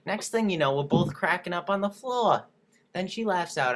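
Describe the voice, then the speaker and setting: A man reads song lyrics aloud as a comic performance, acting out each character and laughing often. His voice sits a little high for a man, over a faint layer of background noise. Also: expressive, normal speed, fairly bright tone. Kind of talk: comic reading of a song's lyrics.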